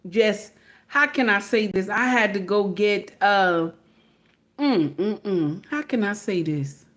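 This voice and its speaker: A woman giving emphatic, preachy casual commentary to her viewers, repeatedly checking in with "okay?". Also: mid-range voice.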